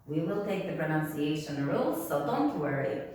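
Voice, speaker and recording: A woman from Albania, a native Albanian speaker, teaching a language lesson patiently and repeating words slowly for her students. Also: deep voice, animated, darkish tone. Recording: echoey room, voice from a distance.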